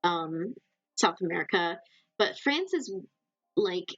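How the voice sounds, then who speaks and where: Lively woman streamer chatting. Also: on the low side, slow pace, dull audio, faint music behind. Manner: animated, reacting to chat with loud exclamations. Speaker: live streamer. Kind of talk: casual stream chat.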